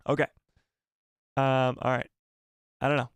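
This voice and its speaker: A man's voice: medium pitch, moderate pace, long pauses, a bit bright, clear, resonant tone, no echo. An upbeat man chats loosely with his live stream viewers, rambling and often repeating phrases. His voice sits in a mid range. He is recorded close on a dry mic with no room sound. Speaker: YouTube live stream host. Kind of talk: casual live stream chat.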